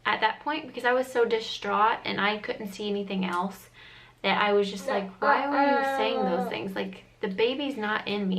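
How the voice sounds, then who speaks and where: A woman's voice: fairly high pitch, fairly bright tone, rough recording. A young adult woman vlogger telling a personal story in a chatty, earnest way, full of "like" fillers. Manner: earnest, emotional retelling with frequent "like" fillers.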